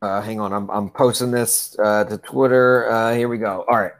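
A man co-hosting a casual sports podcast, animated and laughing, repeating phrases for emphasis. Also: fairly low pitch, normal speed. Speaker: podcast co-host.

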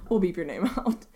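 A young woman co-hosting a casual podcast chat, swearing freely, filling her talk with likes, and jumping into silly voices. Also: on the low side. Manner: animated, swearing, lots of fillers, jumps into silly voices. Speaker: podcast co-host.

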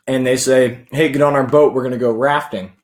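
A man's voice: medium pitch, brisk. A young man casually telling a story among friends, quoting what others said. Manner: animated storyteller, quotes friends.

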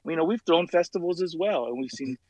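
A man's voice: a little high, animated, fast talker, darkish tone, no echo, low-quality recording. A laid-back man talking casually as a podcast guest, peppering his speech with "dude" and "man". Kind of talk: casual conversation.

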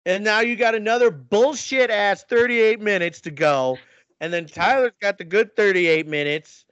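A man's voice: high-pitched, normal speed, fairly bright tone, clean tone, dry recording. Podcast co-host, man, raised voice, crude mocking rant, dull dry lo-fi recording. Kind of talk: casual movie recap.

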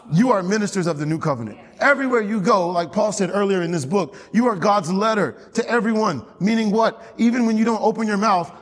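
A male pastor preaching a lively sermon in church, calling out to the congregation and repeating key phrases. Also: sits high, big-room sound. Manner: animated, call-and-response with congregation, repeats phrases, laughs often. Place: church sanctuary.

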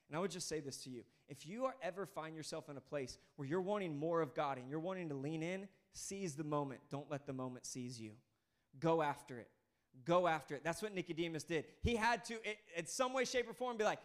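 A male pastor preaching a sermon in a conversational, animated way, acting out quoted voices. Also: sits high, brisk.

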